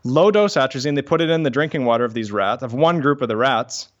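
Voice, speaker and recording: A man's voice: medium pitch, fast talker. Man scientist explaining, lo-fi sound. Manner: explanatory, reads study titles aloud. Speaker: guest scientist. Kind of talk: podcast interview.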